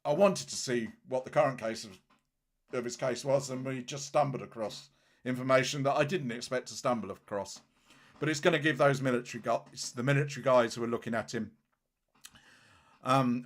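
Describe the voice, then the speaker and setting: A man hosting a casual livestream, talking bluntly and scornfully in a rambling way with many restarts. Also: mid-range voice. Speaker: livestream host.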